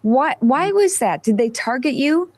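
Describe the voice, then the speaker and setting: A woman's voice: high voice, animated, unhurried, a little mellow. A woman hosting an interview, asking her guest direct, pointed questions. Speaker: interview host.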